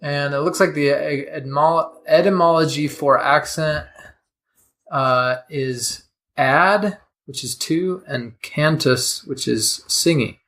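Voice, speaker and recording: A man's voice: on the high side, slow, fairly bright tone. A man co-hosting a vocabulary podcast, reading dictionary definitions and explaining word roots with some hesitant fillers. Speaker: podcast co-host.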